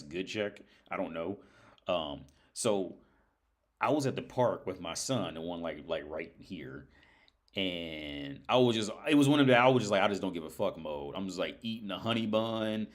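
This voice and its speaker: A tired man talking on a livestream. He rambles through stories in a loose, profane way and laughs easily. His voice sits low but swoops up and down a lot. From United States. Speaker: livestream host. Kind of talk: casual storytelling monologue.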